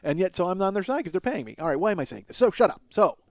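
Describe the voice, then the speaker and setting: A man's voice: sits high, very animated, rapid-fire, dry recording, lo-fi sound. A man in his forties hosting a comedy podcast, rambling through absurd running bits and laughing at his own jokes. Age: 40s.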